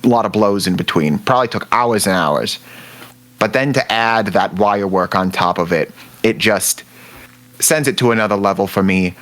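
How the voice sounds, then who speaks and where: A young adult man co-hosting a casual podcast, rambling and searching for words, livening up when excited. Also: lowish voice, moderate pace. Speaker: podcast co-host.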